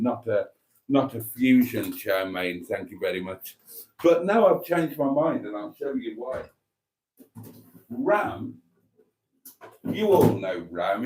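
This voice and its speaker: A man's voice: lowish voice, mellow. A man with a Welsh accent hosting a casual live stream, chatty and self-mocking, laughing often.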